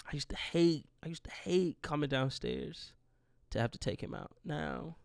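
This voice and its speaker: A man's voice: a little high, normal speed, creaky, no echo. A man in his twenties hosting a podcast, telling a rambling, profane, grieving story in a casual monologue. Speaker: podcast host.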